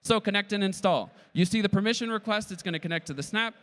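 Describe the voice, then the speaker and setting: High-voiced eager man presenting a demo. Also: fast, fairly bright tone. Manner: eager, keeps checking in with the audience. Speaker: conference presenter. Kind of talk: tech conference talk with live demo.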